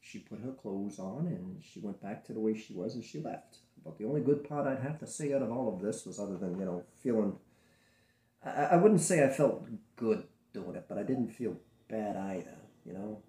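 A man producing adult films, speaking bluntly and profanely in a candid interview, telling animated stories from his own studio. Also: lowish voice, normal speed. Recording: roomy echo.

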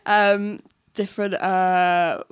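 A woman's voice: mid-range voice, flat delivery, very slow, clear, resonant tone, no room sound. Southern English woman, podcast guest, rambling casual chat, close dry sound. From England. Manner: rambling, self-deprecating, lots of fillers. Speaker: podcast guest, music producer.

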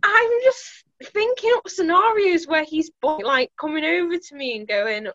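A young woman chats on a podcast in a giggly, dramatic way. Her voice is high and swoops around a lot. The sound is dry and a little dull. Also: animated, moderate pace, a bit bright, dry recording. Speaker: podcast co-host. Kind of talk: casual chat.

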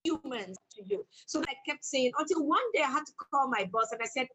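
Husky-voiced woman, emphatic. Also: high voice, lively intonation, brisk, a bit bright, rough recording. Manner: emphatic, bold, laughs often. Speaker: author and guest. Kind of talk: animated storytelling in conversation.

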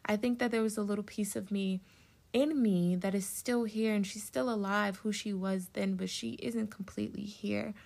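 A woman's voice: mid-range voice, steady tone, moderate pace, creaky, darkish tone. A woman in her twenties hosting a personal solo podcast, speaking heartfelt encouragement directly to the listener and getting a little emotional. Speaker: podcast host. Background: plane passing.

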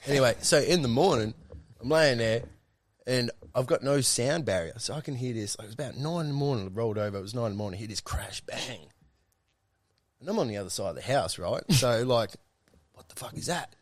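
A young Australian man tells a story in a loose, rambling way, swearing freely as he goes. His voice sits at an ordinary pitch. The recording is dry and close, with almost no room sound. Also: fast, no echo. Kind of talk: casual storytelling chat.

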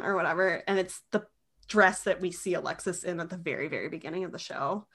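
A woman's voice: fairly low pitch, normal speed, a bit bright, husky. A woman co-hosting a podcast, chatting casually and giggling as she recaps a show. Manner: chatty, many "like" fillers, giggly. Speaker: podcast co-host.

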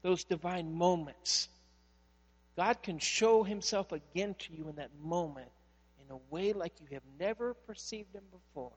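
High-voiced pastor preaching in a hall. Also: male voice, measured pace. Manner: storytelling, swings from loud emphasis to hushed. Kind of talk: sermon.

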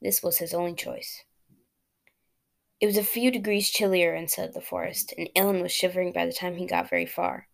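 A woman reading a fairy tale aloud as a storyteller, plain and steady, with small slips and restarts. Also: fairly low pitch, fairly quick, creaky.

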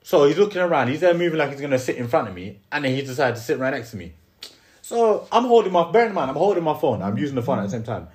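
Animated young London man telling a story. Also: fairly high pitch, quick pace. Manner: animated, slangy, restarts and repeats himself. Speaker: podcast co-host. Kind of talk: casual storytelling chat.

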